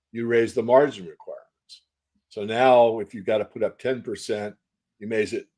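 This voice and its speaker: An older man answering interview questions as a market analyst, measured and folksy, repeating phrases for emphasis. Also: fairly low pitch, a little mellow. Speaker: silver market analyst guest.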